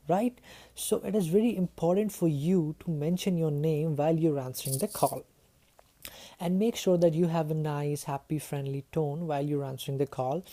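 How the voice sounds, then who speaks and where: A woman's voice: deep voice, mellow. A woman teaching a lesson to camera, chatty, ending her points with tag questions. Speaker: communication skills teacher.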